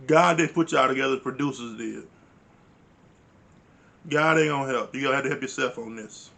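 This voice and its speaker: A man's voice: mid-range voice, normal speed, vocal fry, sharp tone. A man giving a casual recap of a reality show, blunt, profane and exasperated, with informal grammar. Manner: uses informal dialect grammar. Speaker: reality TV reviewer.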